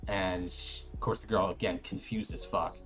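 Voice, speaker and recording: A man in his thirties, a streamer, telling a rambling, animated story about his son with many fillers and quoted voices. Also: low voice, moderate pace, soft background music. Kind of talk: casual storytelling.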